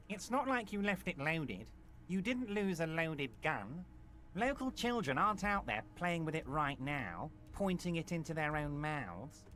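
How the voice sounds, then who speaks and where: Evrart: a smug, oily union boss. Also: male voice, a little high, a bit bright. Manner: oily, falsely reassuring. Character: smug, scheming male union boss, large and jovial. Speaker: game character.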